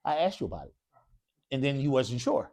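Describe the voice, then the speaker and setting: A man's voice: mid-range voice, sing-song, brisk, a little mellow. A man teaching an Arabic grammar class in a mosque classroom, constantly quizzing his students with questions. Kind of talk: classroom lesson.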